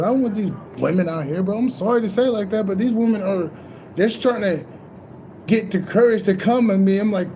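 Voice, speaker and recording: Male spiritual vlogger, high mellow voice, rambling and profane, excitable casual monologue. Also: brisk, slight background noise.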